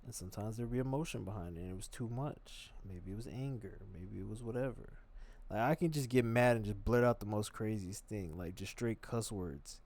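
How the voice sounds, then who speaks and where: A man giving loose, profane reaction commentary on videos, rambling and swinging between loud bursts and mutters. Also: fairly low pitch, a little fast, hardly any pauses.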